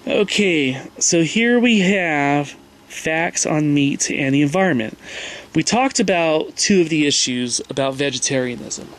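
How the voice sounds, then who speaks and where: A man's voice: fairly high pitch, animated, measured pace, fairly bright tone. A man in his forties giving a loose, digressive talk over slides, often checking in with "right?" and "okay?". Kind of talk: casual lecture.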